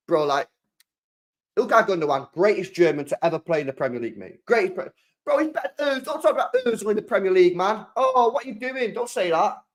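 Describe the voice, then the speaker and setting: Excitable young British man, high voice. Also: fast. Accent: British English. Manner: excitable, slangy, repeats himself. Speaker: football channel host. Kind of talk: casual live-stream chat.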